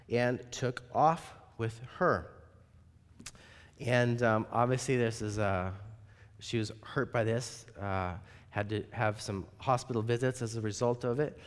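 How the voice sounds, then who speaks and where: A man, a pastor, preaching a sermon and telling a story in an animated way. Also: medium pitch. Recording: long reverb in a large hall.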